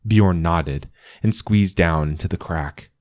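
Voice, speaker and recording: Deep-voiced man reading a story slowly. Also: darkish tone, dry recording, clean studio sound. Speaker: narrator. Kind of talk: scripted narration.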